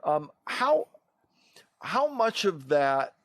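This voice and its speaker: A man co-hosting a podcast, asking a careful, halting question with many restarts. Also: fairly high pitch, big pitch swings, no echo. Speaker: podcast co-host. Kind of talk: casual podcast interview.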